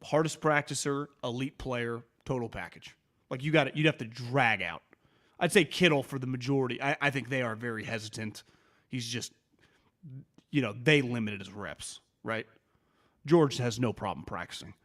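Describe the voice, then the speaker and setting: A man co-hosting a sports podcast, talking fast and animated with many restarts and quoted asides. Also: mid-range voice. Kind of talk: casual sports talk.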